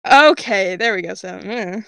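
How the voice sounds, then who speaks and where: A woman's voice: medium pitch, expressive, measured pace, gravelly, fairly bright tone, smooth, dry recording. A woman podcast co-host reads a story aloud and chats casually, giggling often. Her voice sits in a middle range. It sounds dry and close, with no room sound. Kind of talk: reading a co-written story aloud.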